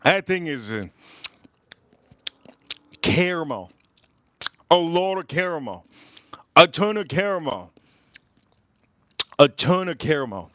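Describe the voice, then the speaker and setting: A man's voice: on the high side, very animated, slow, pauses often, fairly bright tone, no echo, clean studio sound. Rambling man on a cooking livestream. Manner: rambling, repeats lines, laughs at own stories. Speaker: livestream host. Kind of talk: casual live cooking and whiskey chat. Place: home kitchen or backyard, filming point of view.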